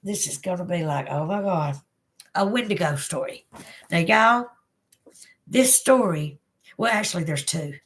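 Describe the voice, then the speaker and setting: A woman's voice: lowish voice, lively intonation, unhurried, long pauses, fairly bright tone, breathy edge. A Southern woman chatting her way through a livestream. She drawls, giggles often, and answers her viewers one by one in an easy, friendly way. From Southern United States. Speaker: livestream host. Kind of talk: casual livestream chat reading comments.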